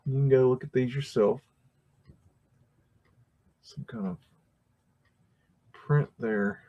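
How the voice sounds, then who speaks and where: A man's voice: medium pitch, slow, warm tone, highs cut off. A man hosting a livestream, talking casually through old photographs in a rambling way, with many fillers and restarts and frequent chuckles. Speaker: livestream host.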